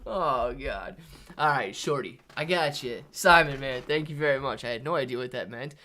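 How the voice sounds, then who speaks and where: A man's voice: mid-range voice, normal speed. A man hosting a live stream, reading viewer messages aloud in casual, slangy chat. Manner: animated, slangy, says "man" and "dude" often. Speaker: livestream host reading chat.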